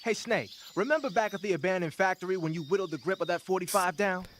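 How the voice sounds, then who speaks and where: An excitable young radio techie. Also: male voice, high-pitched, fast, a little hiss or hum. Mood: curious. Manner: curious, excitable. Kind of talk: game voice acting.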